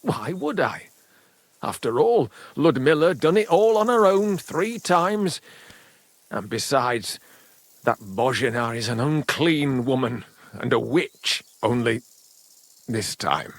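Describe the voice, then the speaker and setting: A husky-voiced village father from a medieval game, grieving his son and bitter toward the midwife he blames. He talks slowly, brooding over each phrase before flaring into anger. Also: mid-range voice, sing-song, no room sound, heavily acted. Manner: slow, brooding, rising to angry bursts.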